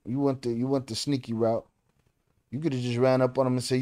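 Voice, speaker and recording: A man with a mellow, darker voice reacts as host, cutting in with short, blunt remarks in casual slang. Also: medium pitch, level tone, fast talker. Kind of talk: reaction commentary.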